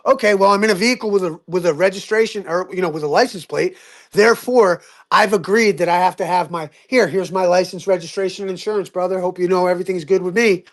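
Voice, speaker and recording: A man hosting a casual podcast chat, talking in an animated, profane and rambling way. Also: sits high, fast talker.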